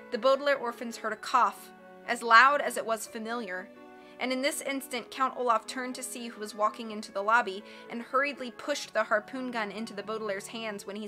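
Bright-voiced woman reading a story. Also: fairly high pitch. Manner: expressive, measured storytelling. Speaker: audiobook reader. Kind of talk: scripted narration.

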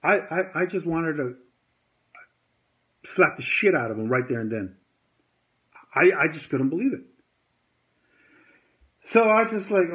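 A man's voice: a little high, big pitch swings, unhurried, pauses often, a bit bright. A man telling a heated story to camera in a rambling, agitated way, acting out the dialogue he quotes. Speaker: vlogger. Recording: tinny phone-like sound.

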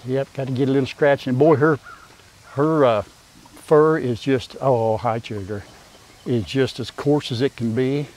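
A man's voice: mid-range voice, steady tone, measured pace, a little mellow. An older man, chatting casually in a farm vlog and talking to his animals in a folksy way. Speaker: farmer and vlogger. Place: outdoors on a farm.

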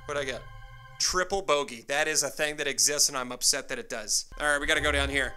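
A young man giving excitable gameplay commentary, mocking himself and shouting when surprised. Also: mid-range voice, quick pace, faint music behind. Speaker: gaming YouTuber.

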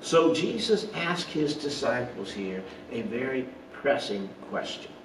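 A man's voice: mid-range voice, sing-song, measured pace, distant mic, noisy background. Man preaching in an echoey room. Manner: earnest preaching with rhetorical questions, some slips and asides. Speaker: pastor. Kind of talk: online Bible study sermon. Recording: roomy echo, voice off-mic, faint ambience.

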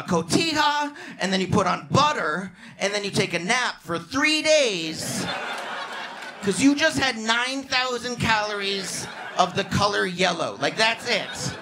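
A male stand-up comedian doing crowd work on a club stage, bantering with the audience and breaking into loud, excited outbursts. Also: high voice. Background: audience laughter and club ambience.

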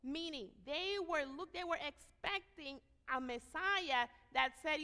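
A woman preaching a sermon in a church sanctuary, her voice pitched a little high and carried by a long reverb. She is animated, acts out the voices of the people she quotes, and keeps turning to the congregation with rhetorical questions. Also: measured pace, hardly any pauses. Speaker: guest preacher.

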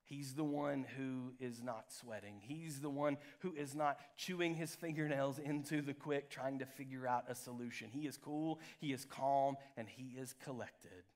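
A man preaching a live church sermon as pastor, swinging from loud peaks to hushed lows. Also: moderate pace, few pauses. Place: church sanctuary.

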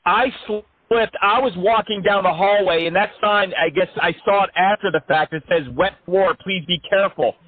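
A man's voice: sits high, moderate pace, hardly any pauses, dry recording. A man playing a crude, aggrieved caller who exaggerates his complaint about slipping on a wet floor. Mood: whiny. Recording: phone-like line.

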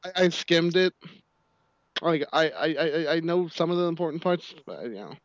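A man's voice: on the high side, animated, normal speed, dry recording. A man co-hosting a casual review chat, joking, listing things and hesitating with fillers. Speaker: co-host. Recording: dry, dull lo-fi audio.

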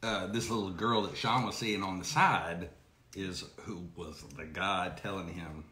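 A man's voice: low-pitched, fairly even intonation, unhurried, bright, forceful tone. A man co-hosting a casual live chat, reading listener messages in a hesitant, sheepish way with lots of fillers. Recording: echoey room with faint noise.

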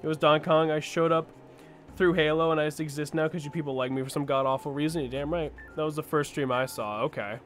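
A man's voice: a little high, steady tone, quick pace, slight background noise. A man co-hosting a gaming stream, chatting casually in a rambling, profane, self-deprecating way. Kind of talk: casual let's-play chat.

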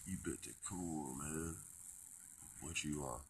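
A man delivering a profane, rambling philosophical monologue, swinging between loud outbursts and hushed whispers. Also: extremely low pitch, big pitch swings, slow, husky. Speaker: vlogger.

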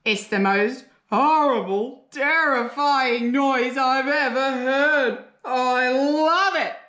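A woman voicing a big, bad, grumpy male bunyip monster with booming, drawn-out lines in a roomy echo. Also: animated, fairly bright tone, heavily acted. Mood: delighted.

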